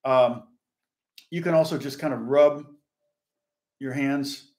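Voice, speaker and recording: A man's voice: mid-range voice, takes it slowly, a little mellow. An older man casually teaching a guitar lesson, rambling and chatting with viewers as he goes. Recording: echoey room with guitar playing.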